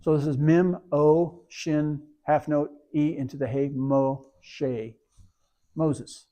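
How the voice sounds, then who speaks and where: Slow and steady, a man with a fairly high, warm voice leads a service. He reads scripture, then patiently takes Hebrew words apart letter by letter, spelling each sound as a teacher would.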